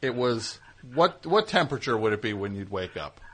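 A man's voice: fairly low pitch, big pitch swings, fairly bright tone. A man hosting a call-in radio show, teasing callers and rambling through stories. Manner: teasing, rambling, quick back-and-forth. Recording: radio broadcast.

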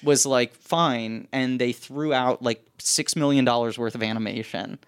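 A man's voice: mid-range voice, steady tone, a little slow, clean tone. A man co-hosting a casual chat podcast, telling stories in a rambling way with lots of fillers. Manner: rambling, filler-heavy storytelling. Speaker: podcast co-host.

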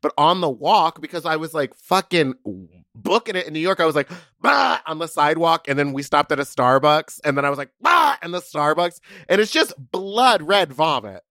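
A man co-hosting a podcast, telling stories in an animated, chatty way. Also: on the high side, a little fast, dry recording, studio quality. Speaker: podcast co-host. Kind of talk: casual chat, storytelling.

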